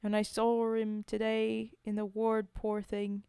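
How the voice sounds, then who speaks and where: A woman voicing a plucky Cockney wartime woman in a dramatic poetry reading, with a rough put-on accent. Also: medium pitch, completely flat delivery, slow pace, mellow, no room sound, clean studio sound. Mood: storytelling. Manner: rough, self-admittedly shaky accent in a sing-song reading.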